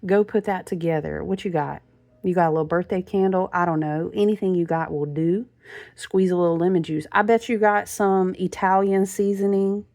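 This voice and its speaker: A woman's voice: on the low side, steady tone, moderate pace, a little mellow. A woman giving a casual spiritual card reading to her viewers, chatty and familiar, calling them friend and honey.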